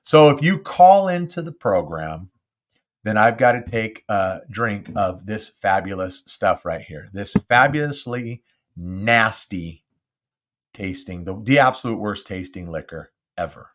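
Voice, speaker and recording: An older man from Southern California hosting a live podcast, chatty and animated, talking close into a studio mic. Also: fairly low pitch, a little slow. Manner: chatty and animated, self-deprecating. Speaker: podcast host. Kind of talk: casual live podcast chat. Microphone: close studio mic with windscreen.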